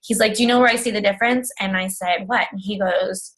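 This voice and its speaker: A woman's voice: medium pitch, steady tone, fairly quick, a bit bright. A woman telling her coaching story on a video call, chatty and emotional, often quoting herself and others. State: tearful at times. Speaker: fitness coach. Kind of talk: personal testimony on a video call.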